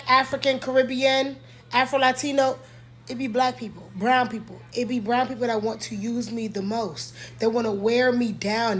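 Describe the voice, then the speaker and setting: A young woman talking bluntly to the camera at home, repeating lines for emphasis. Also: on the high side. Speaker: content creator. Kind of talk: candid monologue to camera.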